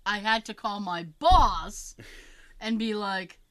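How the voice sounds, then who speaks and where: Bright, lively woman telling a story. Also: medium pitch, slow pace, rough recording. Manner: animated, acts out quoted voices; frequent fillers and restarts. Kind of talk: casual storytelling chat.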